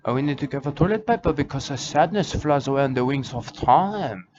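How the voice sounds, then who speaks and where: Lightly acted, fairly quick and mid-range with lively intonation, a man performs an absurd comic monologue as an eccentric self-proclaimed wildlife warrior. He rambles melancholically, tripping over broken grammar, saying "uh" constantly and repeating "I can tell you" and "mate". Dull, lo-fi audio with clear background noise.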